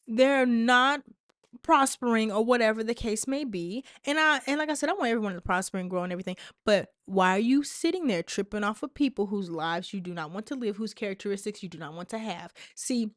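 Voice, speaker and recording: A woman's voice: mid-range voice, fast, few pauses, no echo, clean studio sound. A woman vlogger talking straight to camera, emphatic and repetitive, with sassy asides. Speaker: motivational vlogger. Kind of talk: direct-to-camera motivational talk.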